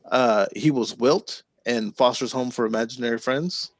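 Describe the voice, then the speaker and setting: A man's voice: mid-range voice, no room sound. A man co-hosting a podcast, telling stories in a rambling, laughing way. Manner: rambling storyteller, quick to laugh. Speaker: podcast co-host. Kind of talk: casual podcast chat.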